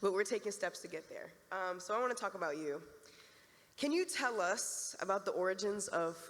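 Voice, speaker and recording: Woman panel moderator, playful, mid pitch, long hall reverb. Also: expressive, normal speed, fairly bright tone. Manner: joking, addresses the audience. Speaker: interviewer. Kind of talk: convention panel interview. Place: large convention hall.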